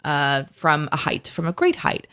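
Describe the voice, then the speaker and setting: A woman's voice: sits low, sing-song, a little slow, a bit bright, smooth. A woman co-hosting a podcast in casual chat, talking animatedly and laughing often. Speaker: co-host.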